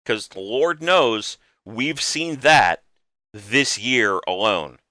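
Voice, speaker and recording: Emphatic male podcast host, bright crisp voice. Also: mid-range voice, lively intonation, slow, no echo, clean studio sound. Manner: earnest, emphatic, swears casually. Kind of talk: casual podcast discussion.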